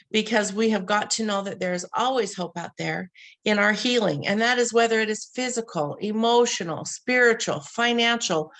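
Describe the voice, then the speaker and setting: A woman's voice: mid-range voice, fairly bright tone. Earnest middle-aged woman telling her story. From western United States. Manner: earnest, heartfelt, with frequent restarts and quoted dialogue. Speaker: webinar host. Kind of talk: personal storytelling.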